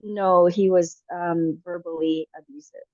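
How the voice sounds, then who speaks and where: A woman appearing as a podcast guest tells a personal story casually, with frequent fillers and restarts. She talks a little slowly in a steady, lowish tone. The audio is dull lo-fi with no room sound.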